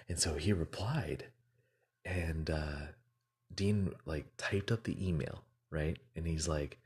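Super deep-voiced guy, kinda husky, rambly motivational chat, lots of ums. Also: normal speed, a little mellow. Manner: earnest, rambling with fillers and repeats. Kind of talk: motivational casual talk.

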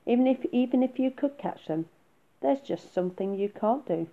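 Tiny wise male rabbit for a storybook reading, patient and lecturing, lifted higher, woman reading. Phone-like sound. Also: lively intonation, moderate pace. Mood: gently wise.

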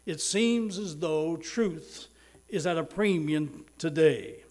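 A middle-aged male preacher delivering a sermon, slowing down for emphasis and swelling louder on key words, and leading the congregation in prayer. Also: fairly high pitch. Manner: preaching with emphatic slow stresses and sudden swells in loudness.

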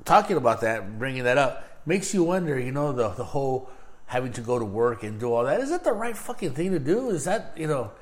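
Man, casual storytelling, animated, laughing, raised voice for quotes. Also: mid-range voice, brisk.

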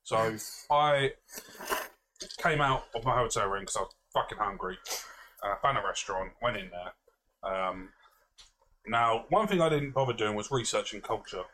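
A man's voice: lowish voice, lively intonation, normal speed, pauses often, pushed and bright. Male podcast co-host, casual storyteller, self-mocking and sweary, faint background noise. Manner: rambling, self-mocking, swears freely, laughs often.

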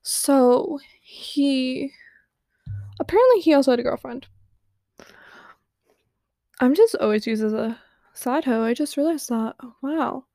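Chatty teenage girl with a high, gravelly voice. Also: lively intonation, measured pace, pauses often, mellow, no room sound, studio quality. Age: teens. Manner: chatty, candid and profane, heavy use of "like". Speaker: storyteller. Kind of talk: casual storytelling.

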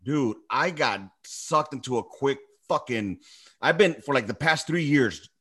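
A man's voice: mid-range voice, expressive, unhurried, fairly bright tone, slightly rough. A man co-hosting a podcast in casual chat, swearing freely and calling his friend bro and dude. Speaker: podcast co-host.

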